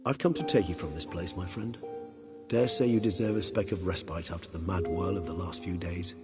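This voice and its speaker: A man's voice: deep voice, brisk, natural voice. An actor playing a refined, ironic male vampire in a video game, with eloquent, theatrical phrasing. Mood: musing. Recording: game audio with music underneath. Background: music.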